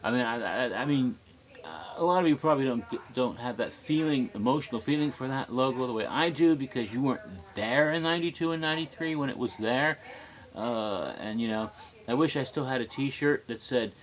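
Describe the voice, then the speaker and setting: A man's voice: mid-range voice, fairly quick. A man rambling tipsily to his webcam in a casual monologue, easily sidetracked and giggly. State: tipsy. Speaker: vlogger.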